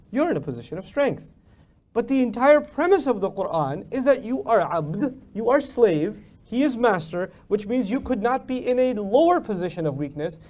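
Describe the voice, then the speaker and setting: A man's voice: sits high, a little mellow. A man giving a religious lecture as a preacher, emphatic and full of rhetorical questions. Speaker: Islamic preacher.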